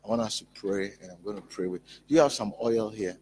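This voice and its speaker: A male pastor preaching a sermon in an emphatic, repetitive way, building up to loud peaks. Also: fairly low pitch, a little fast, background noise.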